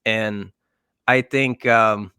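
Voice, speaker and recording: Man, podcast co-host, low voice, smooth and clear, dry close sound, thinks out loud. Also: steady tone, extremely slow, no room sound. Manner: thinking aloud, many fillers and restarts. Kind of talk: casual sports podcast analysis.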